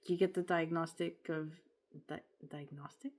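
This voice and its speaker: Low-voiced woman venting candidly. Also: steady tone, normal speed, darkish tone, slight background noise. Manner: rambling, candid, swears often. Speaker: vlogger. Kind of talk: casual confessional vlog.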